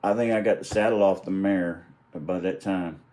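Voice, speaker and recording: A man's voice: deep voice, fairly even intonation, moderate pace, warm tone. A middle-aged man telling a casual story in a rambling way, chuckling and correcting himself as he goes.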